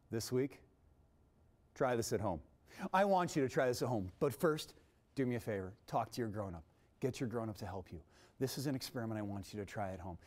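Lively guy showing science tricks to kids in a tv studio, mid pitch, leaps way up when he's excited. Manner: energetic and showy, big swings in pitch and loudness. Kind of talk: kids' science demonstration.

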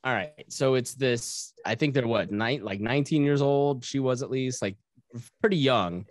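Podcast host guy, mid voice, thinking out loud, dry close sound. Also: mid-range voice, moderate pace, no room sound. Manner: reflective, laughs often, restarts. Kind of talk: casual chat.

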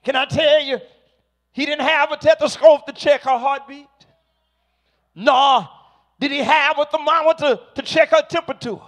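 A man preaching a sermon to a congregation, slow and emphatic, rising to shouted peaks. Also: very high-pitched.

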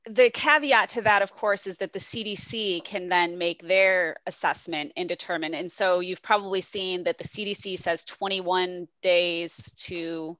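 A woman researcher speaking casually on a university panel, chatty and quick to joke. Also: on the low side, fairly even intonation, fairly bright tone, dry recording, rough recording. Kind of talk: panel discussion.

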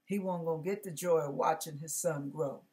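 A woman's voice: sits low, moderate pace, mellow. A woman pastor giving a casual, conversational sermon, acting out biblical characters and dropping slangy asides.

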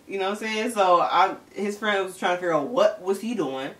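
A young woman from the Chicago area tells a storytime tale in a casual, animated way, with dramatic asides and frequent laughs. She sits a little back from the mic in a roomy, echoey room. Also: medium pitch, a little fast, hardly any pauses, far from the mic. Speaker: vlogger.

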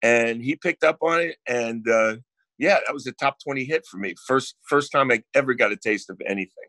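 A man's voice: medium pitch, a little fast, sharp tone, dry recording. A man with a New Jersey accent, a guest songwriter telling brash stories in casual podcast chat and swearing freely.

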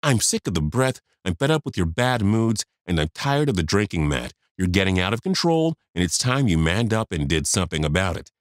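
A furious, fed-up wife in her fifties lashes out in sharp, scolding bursts, as a deep-voiced male reader puts her on. The lines swing up and down with anger. It sounds dry and close, with soft music behind. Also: very animated, fairly quick, no echo. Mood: angry.

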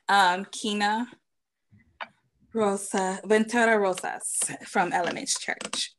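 Woman host; effusive and giggly, very slow-talking. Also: mid-range voice, fairly even intonation, fairly bright tone, slight background noise. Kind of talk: introducing readers.

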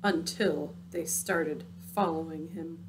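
Slow, expressive woman reading a storybook. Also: low-pitched, noisy background. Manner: dramatic, drops into hushed spooky tones. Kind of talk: picture book read-aloud.

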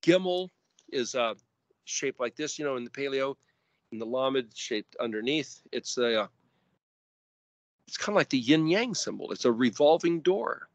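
A man teaching scripture verse by verse, spelling out Hebrew letters and word roots deliberately and rising sharply when stressing commands. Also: mid-range voice, lively intonation, no echo. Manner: emphatic rises on commands. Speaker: Bible teacher.

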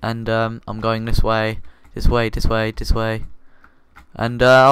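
A man chatters through his gameplay in a goofy, rambling way, poking fun at himself. His voice sits a little low and sounds smooth and clear. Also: monotone, slow, fairly bright tone, no room sound. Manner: goofy, rambling and self-mocking. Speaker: gaming video host. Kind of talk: casual gameplay commentary.

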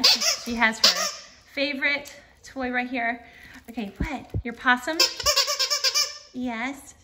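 A woman's voice: fairly high pitch, fairly bright tone, slight background noise. A middle-aged woman chatting casually to her phone camera in her living room, cooing in baby-talk to her dog between remarks to viewers. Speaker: vlogger. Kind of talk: casual chat. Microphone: phone camera in landscape mode.

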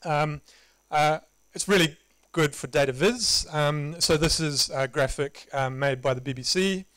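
Relaxed New Zealand man giving a talk. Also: fairly high pitch, unhurried, no echo, poor audio. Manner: relaxed, conversational, self-deprecating humor. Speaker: conference presenter. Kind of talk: casual live tech talk. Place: meetup presentation room.

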